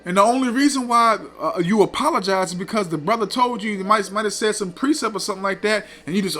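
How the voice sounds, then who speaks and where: A man's voice: high voice, fast, hardly any pauses, sharp tone. A man teaching scripture in a scolding, preachy way, often tagging lines with "man" and "okay". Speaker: teacher of a religious group.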